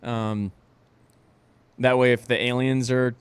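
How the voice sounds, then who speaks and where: A man's voice: mid-range voice, little pitch movement, takes it slowly, smooth, dry recording. A man co-hosting a casual podcast, ranting with heavy swearing and frequent laughter. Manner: ranting, profane, laughs often. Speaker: podcast co-host. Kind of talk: casual chat.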